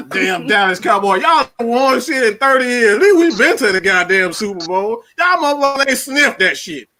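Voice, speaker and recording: Bright, loud, ranting sports-talk man. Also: very high voice, lively intonation, normal speed, hardly any pauses. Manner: loud, profane, fired-up ranting. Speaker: podcast host. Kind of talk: heated sports-talk rant.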